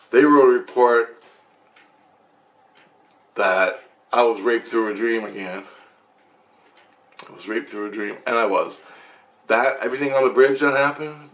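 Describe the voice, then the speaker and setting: A man with a fairly low voice telling a dream story on his vlog. He rambles, restarts and gets excited, peppering it with swearing. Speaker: vlogger.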